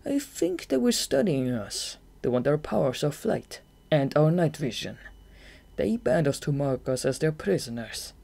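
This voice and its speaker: Read by an audiobook narrator, this is a giant jungle bat, calm and predatory, speaking in a measured, slightly breathy manner. His voice has a gravelly texture and sits at a mid pitch. It comes from a home-recorded audiobook. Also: heavily acted. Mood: coolly explaining. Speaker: audiobook reader. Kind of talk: fan audiobook character voice.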